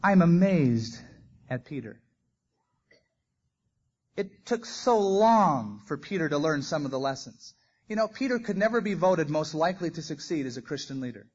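A man's voice: fairly high pitch, big pitch swings, normal speed, breathy edge. A man preaching a sermon, telling stories with animation and acting out the quoted lines. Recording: dull lo-fi recording.

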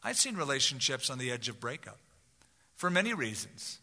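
A man's voice: medium pitch, big pitch swings, normal speed, pushed and bright. A man preaching a sermon as pastor, talking to the congregation conversationally and acting out quoted voices. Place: large church sanctuary. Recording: long hall reverb.

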